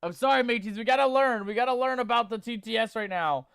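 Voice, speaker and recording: A man's voice: extremely high pitch, quick pace, vocal fry, fairly bright tone, smooth, no echo, clean studio sound. A man streaming a game, chatting casually and playfully with viewers he calls mateys while reading chat aloud. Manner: reads chat aloud and tests text-to-speech voices.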